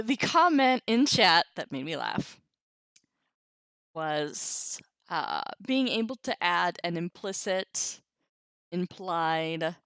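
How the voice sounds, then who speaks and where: A woman's voice: fairly low pitch, a bit bright, clean tone, no room sound, studio quality. A woman teaching a language lesson on a live stream, chatty, laughing often and reacting to viewers' comments.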